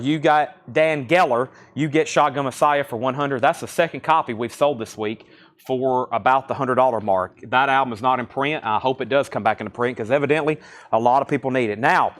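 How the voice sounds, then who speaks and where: A man hosting a live online record auction, calling out titles, prices and bidders in a brisk, businesslike patter. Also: fairly high pitch. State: throat a bit choked, coughing.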